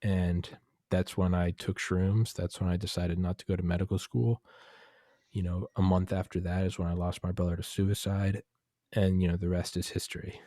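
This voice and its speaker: A man's voice: low-pitched, mellow, no echo, clean studio sound. A young man telling a long story in casual chat, rambling and candid, full of fillers and profanity.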